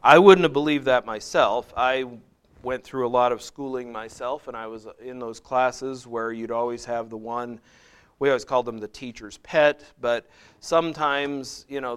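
A middle-aged man teaching a Bible study in a relaxed, conversational way. He doubles back on his words and adds asides, then reads scripture passages aloud with a rising, emphatic lift. His voice sits at an ordinary middle pitch for a man. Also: smooth.

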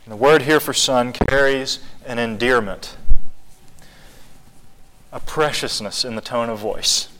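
A man's voice: medium pitch, a little slow, long pauses, sharp tone, a little hiss or hum, poor audio. A man leading a Bible study, teaching earnestly and rising to pleading emphasis.

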